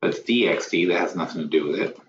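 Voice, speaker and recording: A lower-pitched man hosts an online trading webinar and rambles through it, muttering at his screen and correcting himself mid-sentence. The sound is roomy and a bit dull, like lo-fi webinar audio. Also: fast talker, fairly bright tone. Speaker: webinar host. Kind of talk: live trading webinar, thinking aloud.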